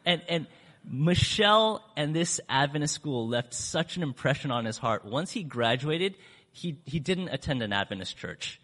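A man addressing a congregation in a large hall, his voice trailing into long reverb. He tells a story casually, with fillers and restarts, and his voice sits a little high. He leaps up and drops down as he acts out other people's lines. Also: expressive, moderate pace, fairly bright tone. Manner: acts out quoted speech with big pitch swings. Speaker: church speaker telling a mission story.

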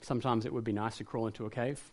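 A man delivering a sermon in an earnest, reflective way. His voice sits at an ordinary middle pitch, and his emphasis builds into passion when he makes a point. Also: fairly even intonation, rapid-fire, a little mellow. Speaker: pastor.

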